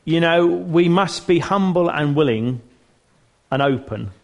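A man's voice: fairly high pitch, lively intonation, unhurried, vocal fry. Earnest, chatty man teaching church. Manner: chatty and earnest, with frequent restarts and self-mocking humour. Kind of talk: informal church teaching talk.

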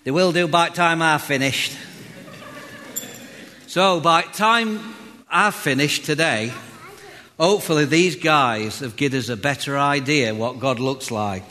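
Preacher, bright higher voice, slow delivery, booming church hall. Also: male voice, lively intonation. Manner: chatty, jokey, talks straight to the congregation. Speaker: pastor. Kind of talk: sermon. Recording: reverberant hall.

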